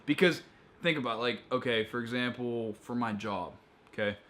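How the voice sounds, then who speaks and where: Bright-voiced young man, blunt co-host. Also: mid-range voice, moderate pace. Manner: blunt, argumentative, rambling. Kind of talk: casual chat.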